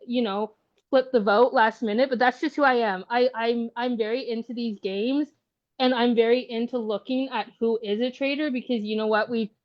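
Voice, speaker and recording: A woman's voice: on the high side, dull audio. A woman contestant giving a defiant, emotional speech after being voted out, upset and fighting back tears, swearing and defending herself. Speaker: game contestant.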